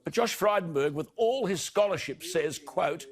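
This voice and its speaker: An Australian man delivering an indignant broadcast opinion editorial, slowing down to hammer home key words. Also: fairly high pitch, lively intonation. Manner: indignant, emphatic, slows for stressed words. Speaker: broadcast commentator.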